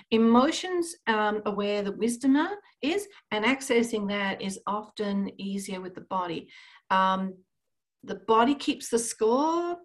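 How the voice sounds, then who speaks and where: A woman's voice: mid-range voice, moderate pace. A woman therapist in a casual podcast conversation, explaining in a chatty way with frequent restarts and light laughs.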